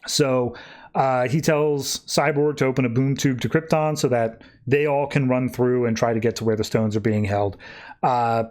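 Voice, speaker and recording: Animated male podcast host recapping comics. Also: medium pitch. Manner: animated, acts out characters in quick voices. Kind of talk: casual comic book recap.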